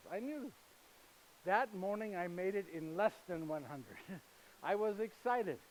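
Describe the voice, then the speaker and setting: An actor playing a humble, earnest Saint Joseph in a live monologue, speaking halting, slightly broken English directly to his listeners. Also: high-pitched, a little mellow, a little hiss or hum, lightly acted, rough recording. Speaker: actor in first-person monologue. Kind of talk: live dramatic monologue to an audience. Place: retreat gathering with live audience.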